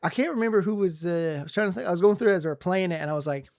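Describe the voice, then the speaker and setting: A man co-hosting a casual podcast, reviewing a movie in an excited, rambling way with lots of restarts. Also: high-pitched, rapid-fire. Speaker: podcast co-host.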